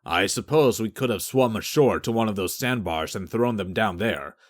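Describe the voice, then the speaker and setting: A man reading an audiobook, voicing a dim, literal-minded male sergeant in a low, soft, deadpan voice. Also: normal speed, close to an everyday voice.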